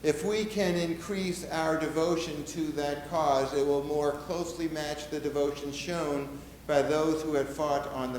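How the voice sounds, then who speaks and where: An actor playing a solemn middle-aged nineteenth-century American president, speaking in a measured, oratorical way. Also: male voice, on the high side, reverberant, slight background noise, rough recording. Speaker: historical reenactor. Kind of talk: first-person historical portrayal.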